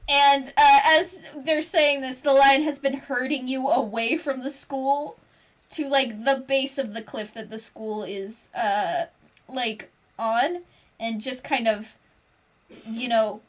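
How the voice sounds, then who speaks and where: A woman's voice: sits high, slow. A woman narrating as game master of a tabletop game, casual and swearing freely.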